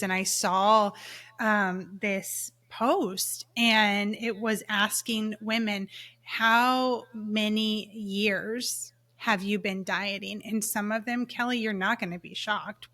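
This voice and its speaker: Bright-voiced woman podcast host. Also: medium pitch. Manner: warm, affirming, quick to agree and laugh. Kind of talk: casual interview chat.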